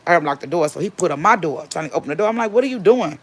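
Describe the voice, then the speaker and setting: A woman casually telling a personal story, animated and repeating herself for emphasis. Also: deep voice, rapid-fire. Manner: acts out quotes of others.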